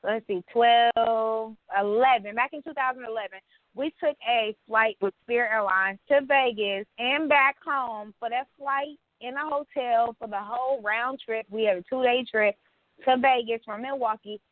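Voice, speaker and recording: A woman's voice: fairly high pitch, moderate pace, dry recording. A woman co-hosting a casual podcast, blunt and profane, laughing often, in her thirties. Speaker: podcast co-host. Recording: tinny phone-like sound, dry.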